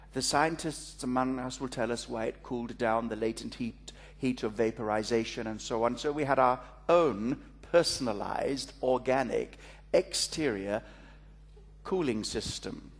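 A man's voice: mid-range voice, normal speed, gravelly. A man, a pastor, preaching a sermon to a congregation, telling a story with playful asides. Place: church before a congregation.

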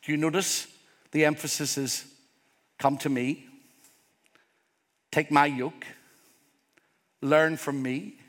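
Northern Irish pastor preaching in an echoing hall. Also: male voice, a little high, steady tone, takes it slowly, long pauses, fairly bright tone. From Northern Ireland. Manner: earnest, emphatic preaching with rising repeated phrases. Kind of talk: sermon. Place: church hall with congregation. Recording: long hall reverb.

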